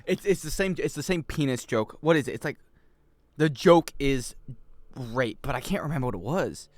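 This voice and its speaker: A man's voice: medium pitch, animated, normal speed, no echo. A male streamer rambling and joking casually with his chat while he plays. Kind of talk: casual game-stream chatter.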